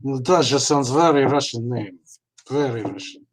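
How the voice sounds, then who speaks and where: Speaking at a normal speed with a medium-pitched voice, this card reader is an Australian man doing readings live. He keeps things relaxed and comforting, frequently asking "okay?", though the recording quality is low.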